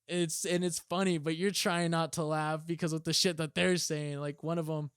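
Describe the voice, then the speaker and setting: A man's voice: on the high side, level tone, moderate pace, clear, resonant tone, no room sound, studio quality. A man in his twenties, a former Marine guest, telling profane stories in casual chat, laughing and acting out drill instructors' lines.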